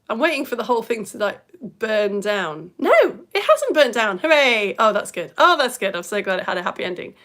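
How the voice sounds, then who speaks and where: A woman and mother, chatting excitedly to her live-stream audience as she reads out their comments. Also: a little fast. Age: adult parent. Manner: excitable, chatty, with big swings in pitch and loudness. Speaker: live-stream educator reading chat comments.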